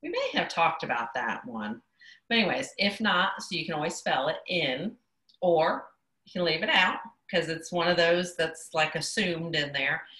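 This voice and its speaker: A woman teaches sign language on a video call, casual and chatty, often stopping to correct herself. Her voice sits a little low but comes through bright and forceful. The room around her computer mic is noticeably echoey. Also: lively intonation, normal speed. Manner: chatty, self-correcting, says "y'all" and "yep" often. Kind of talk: casual online class teaching.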